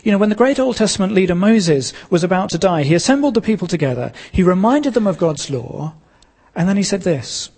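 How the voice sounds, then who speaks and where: Male pastor, sermon delivery, earnest and emphatic, gravelly voice. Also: high-pitched, sing-song, darkish tone, in a large hall. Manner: earnest preaching with pauses and emphatic repetition.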